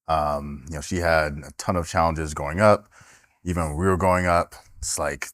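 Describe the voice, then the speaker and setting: A man speaking as a panel guest in casual chat, halting as he searches for words. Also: rumbling low, steady tone, a bit bright, dry recording, clean studio sound. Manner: halting, many fillers and restarts.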